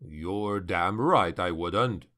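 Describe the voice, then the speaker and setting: A man voicing a blunt male military surgeon who lectures slowly and sternly. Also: low-pitched, bright, forceful tone, pitched below the performer's own voice, heavily acted. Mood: gruff.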